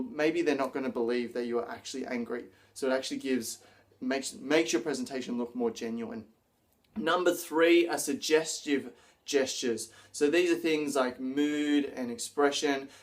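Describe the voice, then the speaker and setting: A man coaching public speaking straight to camera, energetic, acting out gestures as he explains them. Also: mid-range voice. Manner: energetic, demonstrates gestures while talking. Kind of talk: direct-to-camera teaching video.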